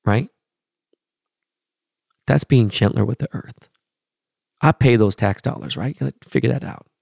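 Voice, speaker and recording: A middle-aged man hosting a podcast, talking bluntly and profanely in a casual monologue that swings between loud and soft. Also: medium pitch, moderate pace, gravelly, no echo, clean studio sound. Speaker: podcast host.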